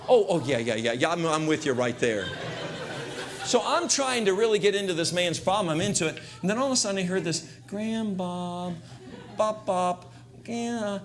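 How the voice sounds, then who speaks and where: Older man, preacher, comic sermon storytelling, acts out scenes, bursts of shouting, slightly high voice. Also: lively intonation, quick pace, slight background noise.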